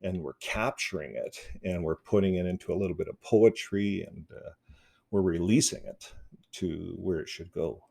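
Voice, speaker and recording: Man, casual vlog monologue, dark mellow tone, rambling and chuckling. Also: deep voice, moderate pace, vocal fry. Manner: relaxed, rambling, chuckles often, frequent fillers. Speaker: YouTube activist vlogger.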